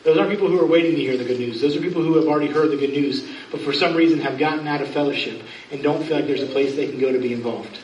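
Man, pastor, sermon, conversational and emphatic, high voice, roomy church sound picked up from a distance. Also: a little mellow, muffled recording, slight background noise. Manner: conversational, emphatic, quick asides. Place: church sanctuary.

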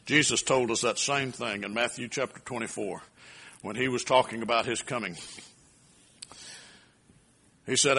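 A male pastor delivers a sermon to his congregation. His voice sits at an ordinary middle pitch, climbing to loud, emphatic peaks before falling back to a low, quiet tone. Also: normal speed, vocal fry, long pauses, slightly rough.

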